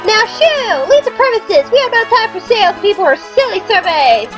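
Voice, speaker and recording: A woman's voice: very high-pitched, very animated, moderate pace, over music, voice pushed up, poor audio. A woman voicing a bossy, pompous bird who guards the guild. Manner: pompous, shooing. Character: bossy chattering bird, male.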